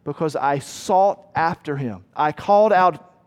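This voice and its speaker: A man preaching a sermon as pastor, animated, acting out voices and cries and repeating lines for effect. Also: a little high, measured pace. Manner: animated, acts out voices and cries, rhetorical repetition.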